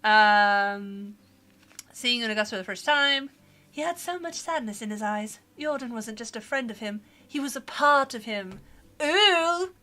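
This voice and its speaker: Young woman, bright and slightly high voice, playful let's-play host reading game dialogue aloud between jokes. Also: lively intonation, unhurried. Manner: playful, joking asides and frequent laughter. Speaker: streamer playing a game.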